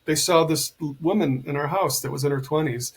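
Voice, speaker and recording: A man's voice: on the high side, fairly quick, breathy edge. A middle-aged man, a podcast guest and healer, chatting casually and animatedly acting out the voices in his stories. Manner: animated storyteller, acts out quoted dialogue. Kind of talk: casual conversation.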